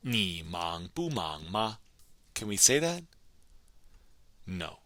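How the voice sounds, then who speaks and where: Man slowly modeling phrases as a teacher. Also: deep voice, very animated, pushed and bright, no room sound. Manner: slow, clear model pronunciation of phrases, repeated for practice. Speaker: Chinese language teacher. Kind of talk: recorded lesson video.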